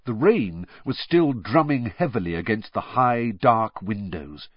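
A man narrating a storybook audiobook in a measured, expressive way. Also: fairly low pitch, breathy edge, dry recording, muffled recording.

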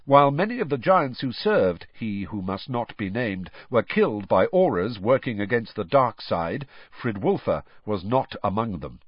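A man reading a story as an audiobook narrator, expressive and dramatic. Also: fairly low pitch, moderate pace, hardly any pauses, breathy edge, no room sound. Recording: dry, slightly dull studio audio.

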